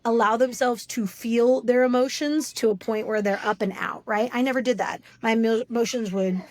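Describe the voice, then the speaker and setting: A woman in her thirties, appearing as a podcast guest, tells stories openly and with animation in a casual interview chat. Her voice is fairly high-pitched at a moderate pace, with no echo.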